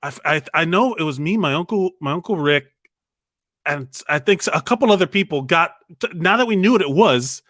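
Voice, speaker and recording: Bright, animated male podcast storyteller. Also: fairly high pitch, dry recording, clean studio sound. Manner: animated storytelling with quick asides. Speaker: podcast co-host. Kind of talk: casual comedic chat.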